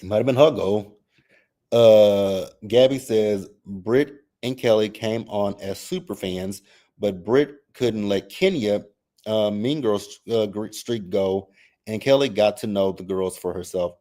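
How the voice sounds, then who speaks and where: A man hosting a casual reality TV recap, reading chat comments and reacting in a sassy, animated way. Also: measured pace. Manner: sassy, animated, mimics cast members with exaggerated high voices; repeats phrases for emphasis.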